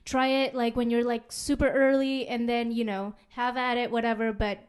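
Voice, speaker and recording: A woman's voice: on the high side, flat delivery, moderate pace, smooth. A woman guest giving casual, offhand advice with a joking edge on a podcast.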